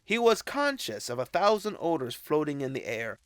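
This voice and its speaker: A man narrating a classic novel as an audiobook, with expressive, unhurried storytelling. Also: fairly high pitch, smooth, no echo. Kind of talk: scripted narration.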